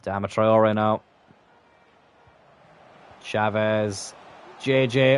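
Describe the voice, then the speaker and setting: A young man commentating his own gameplay live, swearing constantly and swinging from exasperated outbursts to low muttering. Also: animated, normal speed, pauses often. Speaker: gaming channel host.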